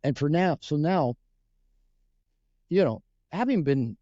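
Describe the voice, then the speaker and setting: A man's voice: fairly high pitch, animated, slow, mellow, no echo, muffled recording. A man guest on a podcast, earnestly explaining ideas through personal stories, often restarting sentences and acting out quoted dialogue. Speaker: podcast guest, relationship author. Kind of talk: podcast interview storytelling.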